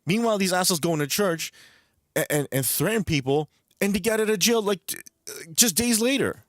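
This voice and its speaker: A man's voice: sits high, lively intonation, fairly quick, dry recording, clean studio sound. A man with a New York accent hosting a livestream, ranting angrily with heavy profanity and stumbling repetitions. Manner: angry, profane, repeats words. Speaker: livestream host. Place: home streaming room.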